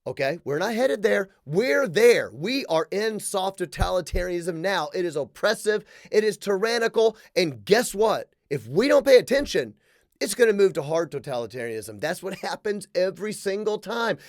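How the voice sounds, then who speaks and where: A male podcast host delivering a comedic political rant, sarcastic and emphatic, swinging between loud punchlines and low asides. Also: sing-song, moderate pace, no room sound, clean studio sound.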